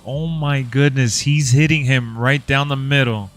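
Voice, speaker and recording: An excitable man reacts live on his stream, tossing out slang and hype between moments of the show. He talks at an unhurried pace, with faint music under his voice. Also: mid-range voice. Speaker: livestream reaction host. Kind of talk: casual live reaction commentary.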